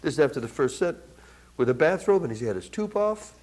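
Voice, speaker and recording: Animated middle-aged man telling stories. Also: a little high, quick pace. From Buffalo, New York, USA. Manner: animated, laughing storyteller who acts out quotes. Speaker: guest musician, jazz saxophonist. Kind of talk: casual anecdotal storytelling.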